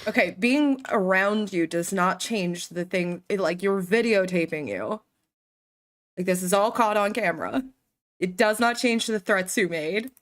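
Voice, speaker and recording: A woman's voice: medium pitch, measured pace. A woman hosting reaction commentary, sarcastic and mocking toward the clip she reacts to. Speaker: commentary host.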